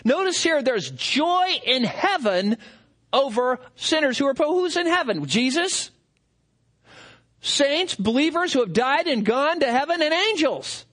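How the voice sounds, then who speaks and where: Animated high-voiced man preaching a sermon. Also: a little slow. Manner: animated, acts out quoted voices with big pitch swings.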